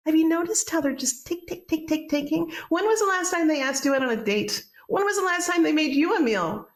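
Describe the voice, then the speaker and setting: A woman's voice: sits high, expressive, a little fast, pitched above the performer's own voice. A woman voicing Venus as a sassy, teasing goddess who gives girlfriend advice in a myth.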